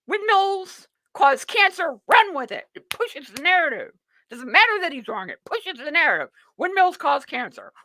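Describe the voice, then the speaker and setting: Sarcastic high-voiced woman hosting a talk show. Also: pushed and bright, no echo. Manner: sarcastic, rambling, mocking. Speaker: show host. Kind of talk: live political talk show monologue.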